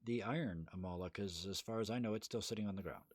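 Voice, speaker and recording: A man's voice: on the low side, fast, no room sound, clean studio sound. A man playing a tabletop game, thinking aloud about his character's next moves in loose, easygoing chat. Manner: thinks aloud with fillers and restarts while planning moves. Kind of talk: casual role-play chat.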